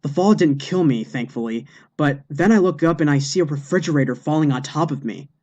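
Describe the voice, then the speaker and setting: A man's voice: a little high, fairly quick, a little mellow, muffled recording, natural voice. A man voicing a dead man who ruefully recounts how he died. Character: battered man telling of his death.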